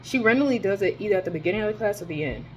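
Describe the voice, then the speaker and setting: A young woman, a college student, telling a story in a casual ranting vlog, animated and swearing freely. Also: mid-range voice, rapid-fire, slight background noise. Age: young adult. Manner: animated, profane, emphatic storytelling.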